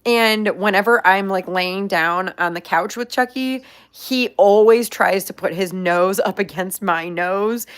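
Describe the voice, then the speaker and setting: Casting: young woman vlog host, chatty and upbeat, heavy "like" fillers, mid pitch. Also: unhurried, hardly any pauses, smooth. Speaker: pet pig owner, channel host. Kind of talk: casual chat answering viewer questions.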